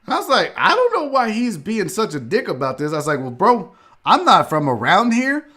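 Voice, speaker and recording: High-voiced guy from houston, comedian host telling a story, bright forceful tone, lots of swearing and acted-out quotes. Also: a little fast, slightly rough. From Houston, Texas. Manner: profane, animated ranting with acted-out quotes. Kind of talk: casual storytelling.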